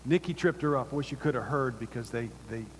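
A middle-aged pastor preaching a sermon in a church, animated and repetitive, dropping to soft asides between louder points. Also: male voice, medium pitch, a little fast, a little hiss or hum. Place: church auditorium. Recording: long reverb of a large hall.

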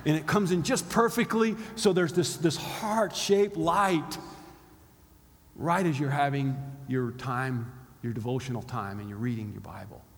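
A man's voice: medium pitch, a little slow. A pastor preaching a sermon in a conversational way, acting out the inner voices of his listeners. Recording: long hall reverb.

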